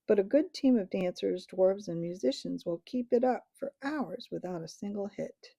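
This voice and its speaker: A woman reading a storybook aloud in a gentle, measured way. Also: medium pitch, animated, gravelly, no echo. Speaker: audiobook reader.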